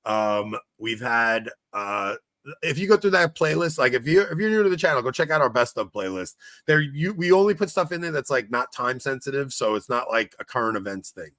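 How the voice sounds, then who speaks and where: Forceful, bright-voiced male podcast host. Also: mid-range voice, brisk, dry recording. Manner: animated, laughs often, self-correcting. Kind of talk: casual podcast chat.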